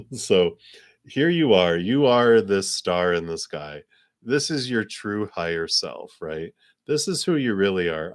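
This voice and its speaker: A man with a very low, deep voice reading tarot cards on a live stream. He speaks in a gentle, spiritual manner, chuckles often, and drifts through fillers as he goes. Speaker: tarot card reader.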